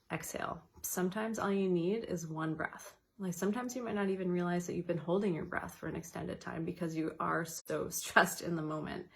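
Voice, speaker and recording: A woman educator giving a casual wellness talk, chatty with light laughs, guiding slow counted breathing. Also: on the low side, creaky, fairly bright tone.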